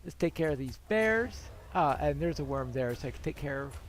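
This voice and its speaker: A man talks over his gameplay in a relaxed let's-play style. His voice sits a little higher than most men's. He muses and wanders from thought to thought, often poking fun at himself. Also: normal speed, slight background noise. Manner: rambling, self-deprecating musing. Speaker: gameplay commentator. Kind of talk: casual let's-play commentary.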